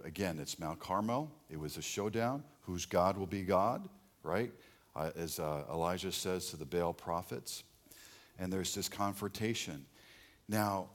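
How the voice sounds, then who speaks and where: A middle-aged man preaching a sermon as pastor, swinging between loud emphasis and hushed asides. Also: on the low side.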